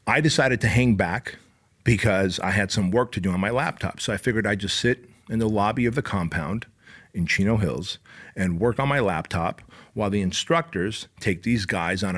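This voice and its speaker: A man hosting a podcast, telling a story in an animated way, acting out the dialogue and swearing bluntly. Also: fairly low pitch, moderate pace. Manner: animated, acts out dialogue with raised voice. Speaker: podcast host. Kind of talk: storytelling monologue.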